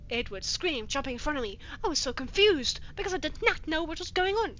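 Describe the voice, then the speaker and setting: A woman with a high-pitched voice that swings widely, reading fanfiction aloud as a comedy bit. She mocks the story in a profane, exasperated way and keeps it sarcastic and sharp. The recording sounds slightly dull and lo-fi. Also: very animated, a little fast, hardly any pauses, a little hiss or hum. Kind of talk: comedic dramatic reading with commentary.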